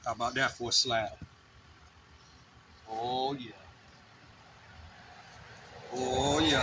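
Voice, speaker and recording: A man hosting his fishing show, hyped and shouting catchphrases at the viewers out on a river. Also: medium pitch, steady tone, drawn-out words, pauses often. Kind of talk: excited outdoor fishing commentary. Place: outdoors on a river. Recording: outdoor clip with loud noise and passing vehicles.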